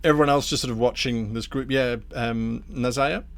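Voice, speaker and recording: A man's voice: mid-range voice, fairly even intonation, moderate pace. Man narrating as game master.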